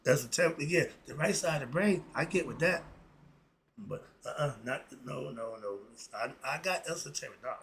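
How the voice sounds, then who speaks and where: A man's voice: fairly high pitch, normal speed, vocal fry, fairly bright tone, a little hiss or hum. A middle-aged man in a casual, blunt and preachy monologue, full of slang. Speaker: philosophy vlogger.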